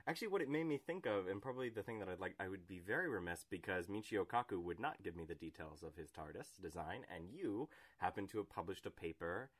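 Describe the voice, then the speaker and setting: A man hosting a casual podcast, joking around and clowning with a silly voice now and then. His pitch sits low, yet it swings a lot as he talks. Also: expressive, fast, few pauses. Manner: playful, tries a silly put-on voice while joking about beer. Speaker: podcast host.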